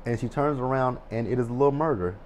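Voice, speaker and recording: A man in his thirties casually recapping a TV episode, animated and excitable, swearing freely. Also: medium pitch, a little fast, a little hiss or hum. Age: 30s. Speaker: TV recap vlogger.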